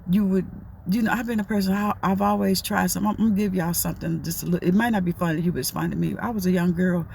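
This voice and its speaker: Woman, middle-aged, casual motivational monologue, rough fry in the voice, repeats herself. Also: lowish voice, fairly even intonation, racing, darkish tone, a little hiss or hum. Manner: folksy, preachy, repeats herself. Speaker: motivational talker.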